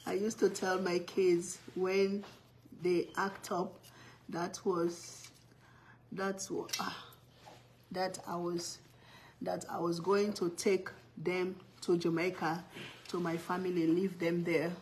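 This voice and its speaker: A woman's voice: lowish voice, flat delivery, slow pace, darkish tone, slight background noise. A middle-aged woman hosting a home cooking stream, chatting casually, teasing and laughing often. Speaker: cooking livestream host. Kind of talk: casual chat.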